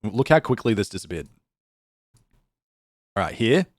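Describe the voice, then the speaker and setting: A man's voice: lowish voice, very animated, measured pace, dry recording, studio quality. A man streaming live, chatting casually with his viewers, reading out their messages and telling a funny story with lots of laughs.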